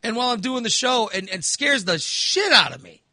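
A man's voice: very high-pitched, sing-song, normal speed, bright, forceful tone, no echo. A man hosting a podcast, telling stories in casual chat with laughs and voiced asides. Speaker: podcast host.

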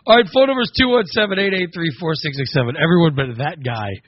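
Male host, husky voice, slightly high, dry, lo-fi sound, rambling talk. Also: fast, no echo. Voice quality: rambling, restarting explanations. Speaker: radio show host. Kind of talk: casual live show chat. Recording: dull lo-fi stream audio.

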